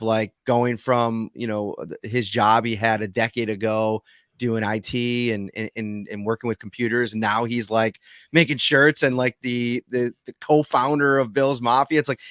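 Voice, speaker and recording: A man's voice: medium pitch, fairly bright tone, no room sound, studio quality. A man co-hosting a podcast, asking long, winding questions in casual chat. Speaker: podcast co-host.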